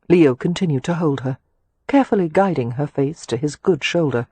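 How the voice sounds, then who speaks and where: A woman narrating an audiobook in a measured, even storytelling manner. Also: low-pitched, husky, dry recording.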